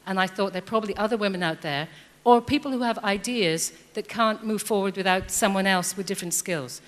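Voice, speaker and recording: A woman in her fifties speaks up from the audience at a debate in a large hall, her medium-pitched voice fairly quick, earnest and hesitant with lots of ums. The recording carries a long hall reverb.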